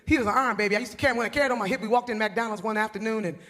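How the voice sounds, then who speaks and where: Fast folksy woman storyteller. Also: on the high side, a bit bright, big-room sound. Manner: folksy, chatty, repeats words for laughs. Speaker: gospel singer doing stand-up. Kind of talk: comic storytelling.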